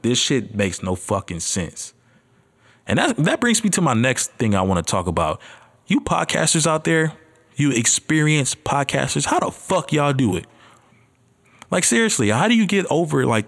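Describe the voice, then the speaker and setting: Nervous rambling man with a low voice. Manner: rambling, profane, slangy, talks straight to listeners. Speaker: podcast host. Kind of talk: casual solo podcast monologue.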